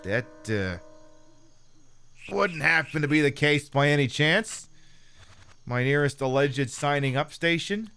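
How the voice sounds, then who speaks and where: A man's voice: fairly high pitch, lively intonation, a little slow, pauses often, bright, forceful tone, clean tone. Sarcastic, swearing male game streamer. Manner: sarcastic, swearing, muttering to himself. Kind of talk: casual gameplay commentary.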